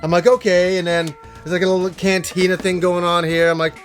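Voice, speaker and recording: Animated high-voiced man telling a story. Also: brisk, faint music behind. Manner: animated, acts out his own reactions in quoted asides. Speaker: host. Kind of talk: casual storytelling vlog.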